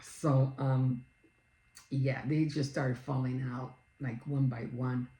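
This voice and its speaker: A woman's voice: extremely low pitch, takes it slowly. A middle-aged woman vlogger telling a long story in a casual, rambling way, full of fillers and restarts. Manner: rambling, animated retelling with many fillers. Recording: roomy, echoey recording.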